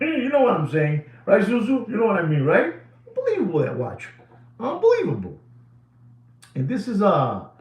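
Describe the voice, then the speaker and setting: Recorded with lo-fi sound in an echoey room, this man's fairly high, slightly mellow voice delivers lively commentary on watch prices. He's emphatic and repeats himself, slipping Spanish phrases in as he goes.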